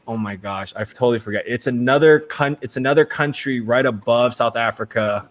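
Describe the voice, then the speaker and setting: A man's voice: medium pitch, a little fast, hardly any pauses. Man telling a loose, filler-heavy anecdote on a talk show. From United States. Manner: rambling, storytelling with many fillers. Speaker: actor guest. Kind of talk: casual chat.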